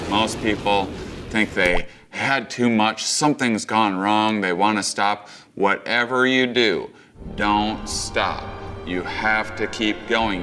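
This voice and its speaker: A man voicing a serious friend who calmly explains what will happen and gives firm instructions. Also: lowish voice. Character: calm, earnest male trip guide.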